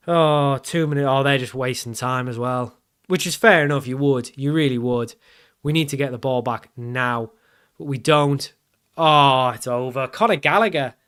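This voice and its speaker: A man's voice: medium pitch, smooth. A man commentating live on his football management game, swinging from pleading to groaning. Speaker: gaming YouTuber.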